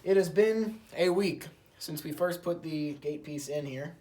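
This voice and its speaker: A man's voice: a little high, unhurried, mellow. A young man hosting a casual workshop vlog in his shed, easygoing and thinking aloud with fillers. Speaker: channel host.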